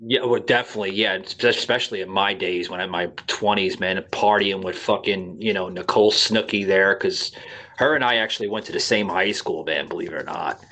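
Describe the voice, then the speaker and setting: A man's voice: low-pitched, a little fast, bright, forceful tone. A man hosting a podcast, telling rambling, profane stories in casual chat. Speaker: podcast host.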